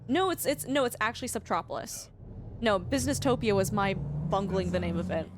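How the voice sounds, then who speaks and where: A woman's voice: medium pitch, animated, a little fast, noisy background. A woman streamer chatting casually with her live viewers, bubbly and effusive, laughing often.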